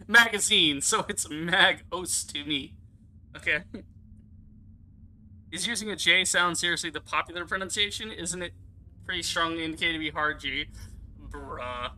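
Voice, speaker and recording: Very bright-voiced rambling gaming streamer. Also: medium pitch, a little slow, long pauses, slight background noise, low-quality recording. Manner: rambling, swears often, laughs easily. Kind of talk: casual live-stream commentary.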